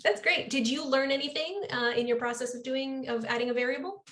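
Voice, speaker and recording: A woman's voice: high-pitched, brisk, a bit bright. A woman leading an online coding workshop over a video call, upbeat and encouraging. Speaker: workshop instructor.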